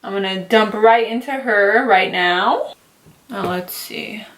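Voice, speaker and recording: A young woman with a mid-range voice talks slowly through an excited makeup tutorial and unboxing for her beauty vlog. She's gushing and dramatic, leaning heavily on slang.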